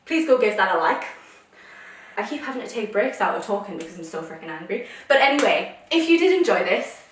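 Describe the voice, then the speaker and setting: A woman's voice: medium pitch, very animated, fairly quick, recorded from a distance, slight background noise. A young woman vlogging a try-on haul, ranting in an exasperated way. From United Kingdom. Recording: echoey room, voice a little off mic.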